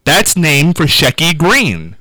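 A man hosting a radio show, telling an anecdote in a casual, animated way and laughing as he goes. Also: on the high side, slow, no echo, rough recording. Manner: animated, laughs through his stories. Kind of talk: casual storytelling chat.

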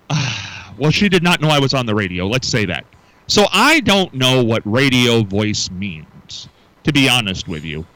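Middle-aged man, radio host; animated, bright delivery on a dry studio mic, musing and restarting. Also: mid-range voice, dry recording, poor audio. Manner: musing, repeats words when restarting. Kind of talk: casual morning radio talk.

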